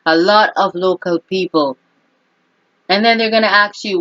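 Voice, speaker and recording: A woman's voice: medium pitch, moderate pace, fairly bright tone, no room sound. A woman talking in a casual, opinionated monologue as an astrologer, speaking emphatically and often checking in with "okay?". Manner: emphatic, keeps asking "okay?". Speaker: astrologer and vlogger. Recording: dull lo-fi dry recording.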